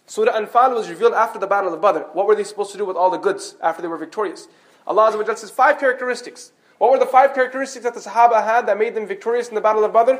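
A man gives an animated storytelling sermon at a fast clip. His voice sits high, and he breaks off now and then for light joking asides. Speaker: Islamic preacher.

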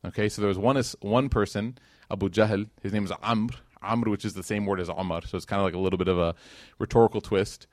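A man's voice: fairly low pitch, steady tone, quick pace, dry recording, studio quality. A man giving a casual religious lecture, telling a story in a conversational way with many fillers and acted-out quotes. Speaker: speaker teaching Islamic history.

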